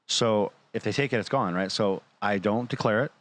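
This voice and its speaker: A man's voice: on the low side, normal speed. A man telling a long personal story in casual talk, acting out what others said to him. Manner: animated, quotes others in dialogue. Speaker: show guest or panelist.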